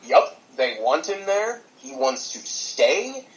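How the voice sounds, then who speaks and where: Animated, profane young man talking wrestling. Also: on the high side, slow, low-quality recording. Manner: animated, swearing, laughing often. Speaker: podcast co-host. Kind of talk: casual wrestling chat.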